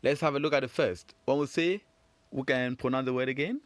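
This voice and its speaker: A man teaching a French phonics lesson for children, encouraging and repeating words slowly for learners. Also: mid-range voice, dry recording.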